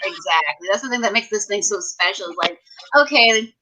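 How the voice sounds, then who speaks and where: A woman's voice: medium pitch, animated, brisk, bright, forceful tone, slightly rough, poor audio. Enthusiastic woman hosting a fan chat. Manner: enthusiastic, affirming. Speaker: host. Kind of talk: casual fan discussion.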